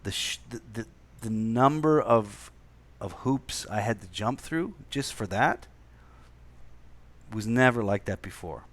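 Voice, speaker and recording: A man's voice: lowish voice, animated, measured pace, long pauses. A man from Canada in casual chat, rambling and swearing with many restarts.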